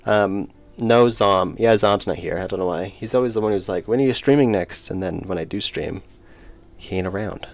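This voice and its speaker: A man's voice: sits low, fairly even intonation, moderate pace, no room sound. A young man streaming his indie game work, rambling casually and reading chat aloud with self-deprecating jokes. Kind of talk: casual live-stream chat while working.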